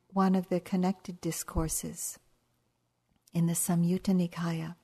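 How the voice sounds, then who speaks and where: Slow, soft-spoken older woman teacher. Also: fairly low pitch, husky. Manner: gentle storytelling, unhurried. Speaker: meditation teacher. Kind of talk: dharma talk. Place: retreat hall.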